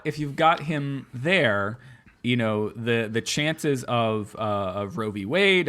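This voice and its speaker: A man's voice: mid-range voice, fairly bright tone. Man in a worried casual podcast chat. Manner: worried, restarts often, reads quotes aloud. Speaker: podcast co-host.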